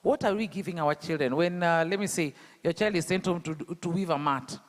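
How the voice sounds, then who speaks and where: A man's voice: on the high side, fairly quick, in a large hall. A man from Kenya with a Luo accent, giving an emphatic public talk full of rhetorical questions to the audience. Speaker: speaker at an education event.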